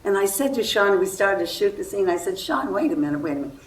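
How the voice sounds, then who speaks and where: An older actress telling stories at a festival talk, lively and acting out the people she quotes. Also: mid-range voice, quick pace. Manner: animated storytelling, acts out quoted voices. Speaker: guest actress. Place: festival hall before an audience. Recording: far-off roomy hall recording, faint noise.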